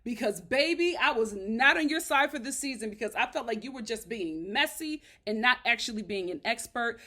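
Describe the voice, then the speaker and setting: A woman's voice: fairly high pitch, sharp tone. A woman reviewing a reality show in casual commentary, sassy and emphatic as she talks the episode through.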